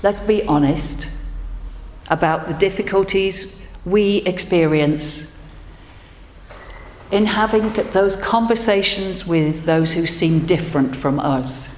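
A woman minister giving a gentle, reflective sermon and leading prayer. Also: lowish voice, takes it slowly, pauses often, a little hiss or hum. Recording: roomy hall with faint ambience.

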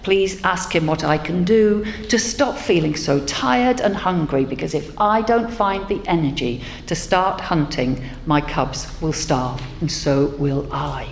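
A worn-out, hungry mother wolf, told by a woman storyteller, weary and worried in a low voice. The sound bounces around a large hall. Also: animated, a little slow, hardly any pauses. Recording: echoey hall, faint noise.

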